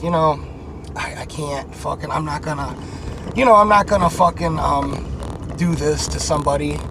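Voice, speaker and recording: Agitated, high-pitched, profane man. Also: background noise. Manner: frank, profane and agitated, with many fillers and sighs. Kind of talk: candid storytelling about his own life.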